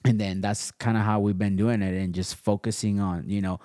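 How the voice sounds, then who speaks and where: A man guest on a casual podcast, telling his story in a relaxed way with many fillers and restarts, recorded at his home studio. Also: on the low side, moderate pace, no room sound. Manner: laid-back, storytelling with lots of fillers and restarts. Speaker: podcast guest, custom sneaker entrepreneur.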